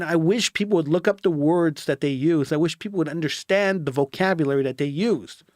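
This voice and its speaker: A man's voice: on the high side, no echo, studio quality. Impassioned man ranting solo. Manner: impassioned, indignant, repeats phrases for emphasis. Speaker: political commentator. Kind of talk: solo commentary monologue.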